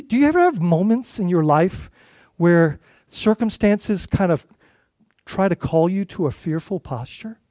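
A male lead pastor preaching a sermon in an earnest, halting way, with frequent restarts and repeated words. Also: high voice, dark tone, no room sound, clean studio sound.

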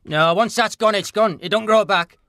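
An actor playing a blunt, deadpan middle-aged northern English ex-stalker, in a mock documentary interview. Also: male voice, high-pitched, normal speed, no room sound, clean studio sound. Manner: deadpan, blunt, plain-spoken.

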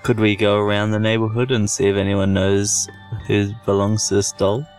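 Low-voiced laid-back man at game table. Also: completely flat delivery, moderate pace, a little mellow, faint music behind. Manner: laid-back, short replies. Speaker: player. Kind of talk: casual tabletop game chat.

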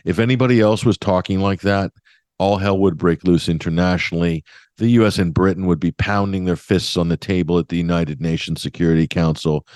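A man's voice: deep voice, steady tone, a little fast, darkish tone, no echo, studio quality. A man hosting a radio talk show, giving opinionated commentary in a sardonic, emphatic way with mocking asides.

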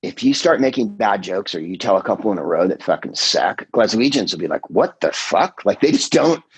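Middle-aged male comedian, low husky voice, loose rambling podcast storyteller. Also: brisk, no room sound, rough recording. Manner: rambling, animated storytelling with quoted voices and swearing. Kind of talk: casual chat.

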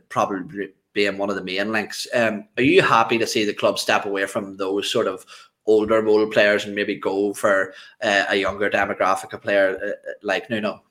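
A man's voice: fairly low pitch, fairly even intonation, normal speed, a bit bright. An Irish man hosting a casual podcast, playful and loose as he leads into questions. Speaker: podcast host.

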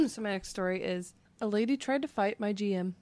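A woman chatting and telling work stories in an animated way, bursting into laughter. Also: medium pitch, moderate pace. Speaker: podcast co-host telling stories. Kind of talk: casual storytelling chat.

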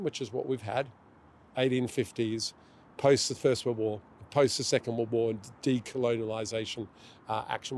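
The middle-aged man is a guest author in a conversational interview, his mid-range voice set against slight background noise. He's emphatic and performs the quotes he tells.

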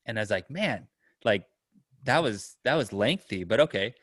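A man's voice: lowish voice, animated, normal speed, fairly bright tone, dry recording, clean studio sound. A man telling a long story in casual chat, rambling, with lots of fillers, and acting out the people in it. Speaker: storyteller guest.

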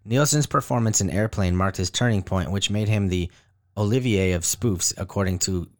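A man's voice: lowish voice, moderate pace, darkish tone. Laid-back male podcast co-host. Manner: loose, rambling, self-correcting. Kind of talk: casual chat.

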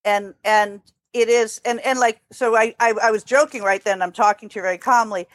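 Calm dry-voiced woman from New Jersey. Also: fairly high pitch, fairly quick, dry recording. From New Jersey, USA. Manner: calm, explanatory, with frequent restarts. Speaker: dog trainer guest. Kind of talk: podcast interview answers. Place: temporary room away from home. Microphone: headphones on a remote call.

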